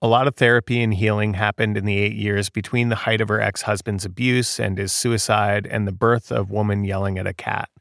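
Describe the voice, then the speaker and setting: Gravelly-voiced man narrating, dry sound. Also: lowish voice, little pitch movement, fairly bright tone, no room sound. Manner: measured, pointed commentary. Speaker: podcast co-host. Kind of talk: scripted narration.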